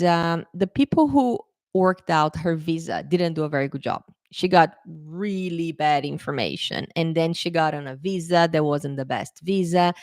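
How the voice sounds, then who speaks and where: Woman English tutor, casual storytelling to camera, animated, lowish voice, dry close sound. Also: dry recording. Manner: chatty, animated, laughs often, acts out quotes. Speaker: English teacher.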